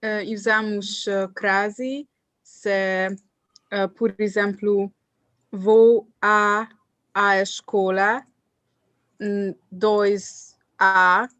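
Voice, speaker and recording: Hesitant female learner, very slow and flat, dry sound, lots of fillers. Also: medium pitch. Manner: hesitant, halting, with many fillers. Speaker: language student. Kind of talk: answering in a lesson.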